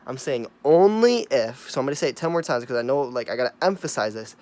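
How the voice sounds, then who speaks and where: Male vlogger, mid-pitched voice, ranting straight to camera: heavy swearing, insistent repetition, drops to mutters, then loud emphatic bursts. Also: very animated, moderate pace, few pauses. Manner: profane, emphatic, repetitive, swinging from mumbling to loud.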